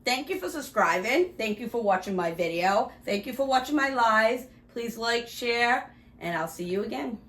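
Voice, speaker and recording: A woman's voice: on the high side, lively intonation, moderate pace, fairly bright tone, a little hiss or hum. Chatty woman cooking vlogger. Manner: chatty, eats while talking. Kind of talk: casual cooking vlog.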